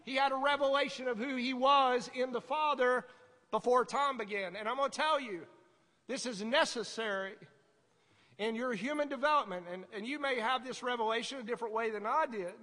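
A man preaching a sermon as pastor, conversational and animated, acting out voices in his stories. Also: extremely high pitch, fairly quick, long reverb tail.

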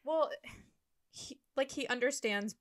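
A woman co-hosting a podcast, chiming in with quick chatty commentary in casual talk. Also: high-pitched. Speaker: podcast co-host.

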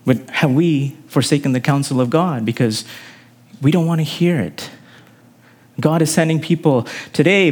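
A man delivers a sermon with a slightly higher voice than most men. He preaches earnestly, pushing up on key phrases and then sinking to low, quiet endings. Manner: earnest preaching with rising emphasis and sudden drops. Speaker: pastor.

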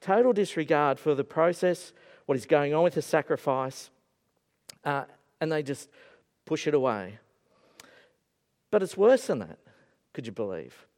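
A male preacher giving an animated, storytelling sermon in a church. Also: on the high side, unhurried, pauses often. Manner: animated storytelling with acted-out voices. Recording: echoey hall.

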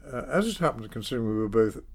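An older man, telling his story in a measured, self-deprecating way in an interview. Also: mid-range voice, lively intonation, creaky. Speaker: interview guest, former politician. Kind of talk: reflective storytelling.

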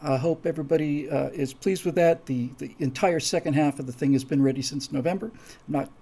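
A man talks casually and with enthusiasm to his viewers, rambling and restarting his sentences. His voice is gravelly and sits a little high for a man. He sounds like a creator sharing his own project. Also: a little fast, dark tone.

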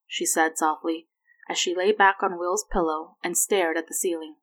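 Woman reading fan fiction out loud, steady even narration, lowish voice. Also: moderate pace. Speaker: fanfiction reader. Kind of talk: audiobook narration.

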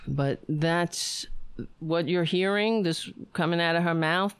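Woman host, casual reaction commentary, sarcastic, swears a lot, unhurried. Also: deep voice, smooth, no room sound. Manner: sarcastic, profane ranting. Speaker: streamer reacting to video.

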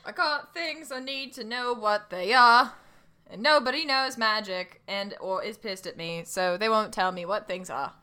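A woman playing a tabletop game, chatting casually and reacting in an excitable, blunt way. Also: medium pitch, moderate pace. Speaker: player.

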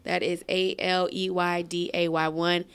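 A woman co-hosting a casual group chat show, brash and excitable, her throat rough from allergies. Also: lowish voice, unhurried. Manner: brash, excitable, shouts greetings. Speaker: podcast co-host.

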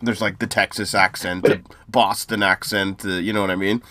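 A man's voice: deep voice, flat delivery, moderate pace, bright, forceful tone. A man from the United States with an American accent, co-hosting a podcast in easygoing casual chat, agreeable and prone to restarts. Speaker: podcast co-host.

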